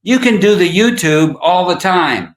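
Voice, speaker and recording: An eager, excitable older actor who gushes in a raised, wondering voice, as a man puts him on while telling a story. The roomy echo around him makes it sound like a home room. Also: sits high, measured pace, voice pushed up.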